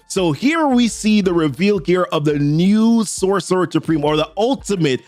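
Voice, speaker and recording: A man narrating a comic book story recap in an animated way, chuckling now and then. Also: high-pitched, moderate pace, hardly any pauses, dry recording, soft background music.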